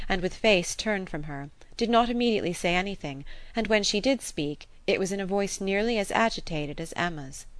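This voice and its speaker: A woman narrating a classic novel in a lowered, calm, deliberate voice. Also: no room sound. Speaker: audiobook narrator.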